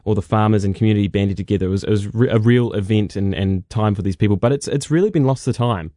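A New man presents a radio feature in a relaxed, conversational tone. His voice sits a little low. The sound is dry and close. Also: fast, no room sound. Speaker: radio producer.

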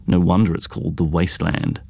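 A man voicing a brash young show-off who teases his younger brother in a hoarse, croaking, theatrical way. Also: sits low, level tone, a little fast, warm tone, dry recording. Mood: mocking. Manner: mocking, theatrical, crowing.

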